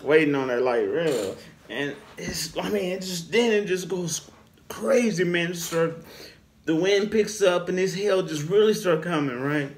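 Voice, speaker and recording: A man telling a casual storytime anecdote in an animated way, often laughing as he talks. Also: a little high, measured pace, a little hiss or hum. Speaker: storyteller vlogger.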